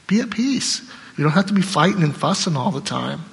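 A man preaching a conversational sermon, his voice sitting a little higher than most. He keeps asking the congregation to agree with him and laughs often. His voice rings with the long reverb of a church hall. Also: very animated, brisk, vocal fry. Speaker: pastor.

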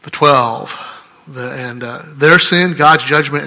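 A man's voice: medium pitch, takes it slowly, bright, forceful tone. A man preaching a sermon as pastor, speaking conversationally and often checking in with "right?". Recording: long hall reverb.

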